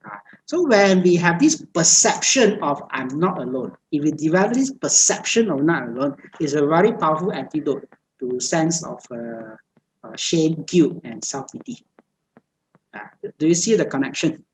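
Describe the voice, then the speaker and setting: A woman's voice: low voice, lively intonation, normal speed, a little hiss or hum, low-quality recording. A woman giving a Buddhist dharma talk over a video call, speaking in repetitive, list-like phrases with many hesitant fillers. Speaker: meditation teacher.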